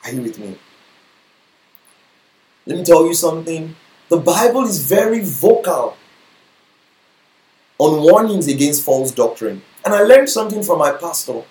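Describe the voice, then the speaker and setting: A man's voice: on the high side, big pitch swings, a little slow, long pauses, darkish tone. A man preaching a sermon, often checking in with the congregation with questions like whether they follow him. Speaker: pastor. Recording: echoey room.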